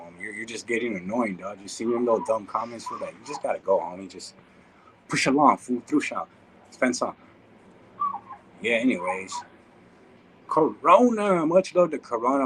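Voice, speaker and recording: A YouTube creator from the Inland Empire, California talks casually to his viewers, laid-back and slangy, calling them "dog" and "homie." His voice is lowish with a fairly bright tone, and the rough recording carries slight background noise.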